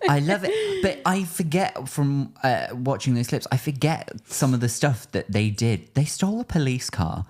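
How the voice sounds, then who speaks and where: A woman's voice: extremely low pitch, big pitch swings, normal speed, hardly any pauses, darkish tone. A young adult woman hosting a podcast, chatting casually and rambling through stories with plenty of giggles. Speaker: podcast host. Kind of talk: casual chat.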